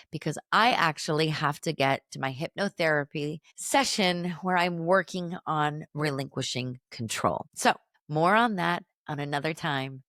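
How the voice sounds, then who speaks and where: Woman podcaster in her 30s, low voice, just chatting candid and personal, lots of likes, dry close mic. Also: fairly bright tone, no room sound. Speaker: podcast host. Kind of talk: personal reflective monologue.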